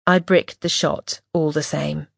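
A woman reading a first-person audiobook in a measured, wry, observant way, close to the mic. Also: low-pitched, level tone, creaky, a bit bright, no echo. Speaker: audiobook narrator.

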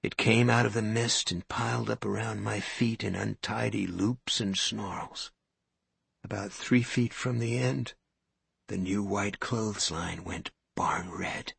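A man reading a story aloud as narrator, with a measured, suspenseful delivery. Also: lowish voice, steady tone, creaky, fairly bright tone, husky, no echo. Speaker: audiobook narrator. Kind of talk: scripted narration.

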